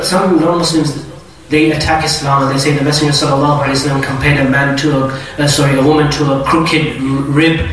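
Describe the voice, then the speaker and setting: Male lecturer, high voice, lively delivery, distant mic in a very echoey hall. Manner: lively, animated explaining with acted-out quotes. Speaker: Islamic lecturer. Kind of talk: lecture to an audience.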